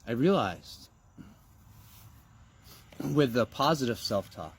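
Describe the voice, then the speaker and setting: Guy preaching self-belief real slow, swings his voice up and down a lot, little bit of swearing. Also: medium pitch, lively intonation, creaky, husky. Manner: emphatic and preachy, with rhetorical questions and swearing. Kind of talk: motivational monologue.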